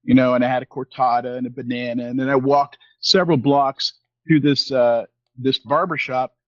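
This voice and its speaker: A man's voice: mid-range voice, steady tone, moderate pace, no echo, highs cut off. A man in his fifties co-hosting a podcast, telling a long story in casual chat, rambling with many fillers and restarts and acting out the lines of the people he quotes. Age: 50s. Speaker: podcast co-host.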